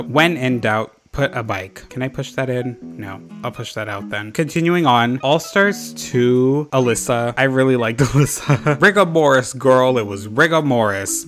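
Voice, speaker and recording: A man's voice: mid-range voice, fairly bright tone. A man casually chatting while playing and decorating in a video game, rambling, swearing freely and joking at his own expense. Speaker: gaming channel host. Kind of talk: casual gameplay chat.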